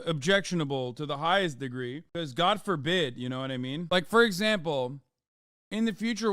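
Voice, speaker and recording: Guy streamer reacting to clips, sarcastic and cussing, high clean voice, dry close mic. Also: a bit bright, clean tone, no echo. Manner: sarcastic, profane, mocking. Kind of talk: casual rant.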